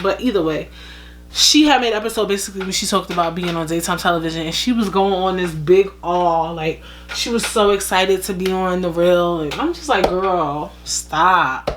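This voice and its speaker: A woman vlogger giving casual gossip commentary, animated, blunt and profane. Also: mid-range voice, a little hiss or hum.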